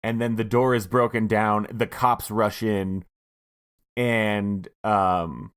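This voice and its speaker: A man co-hosting a comedy podcast, calmly laying out a story pitch. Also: takes it slowly, smooth. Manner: laid-back storytelling, plays along. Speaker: podcast co-host.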